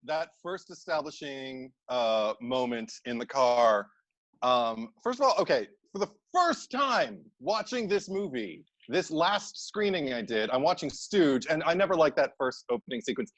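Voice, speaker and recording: A man's voice: medium pitch, dry recording. A man co-hosting a casual movie podcast, easily amused and rambling with many laughs. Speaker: podcast co-host.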